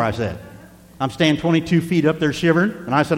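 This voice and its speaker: A male preacher telling a personal story in a sermon, animated and speaking straight to the congregation. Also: fairly high pitch, fast talker. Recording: reverberant hall with faint hum.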